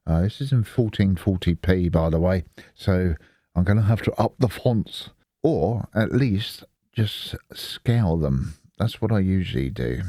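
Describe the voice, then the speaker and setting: Middle-aged bloke rambling on over his screen, swears a lot, lively up-and-down voice. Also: low-pitched, a little slow, no room sound, clean studio sound. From Isle of Wight, England. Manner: rambling, chatty, swears freely, talks to himself. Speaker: Linux video host. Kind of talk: casual screen-recording commentary.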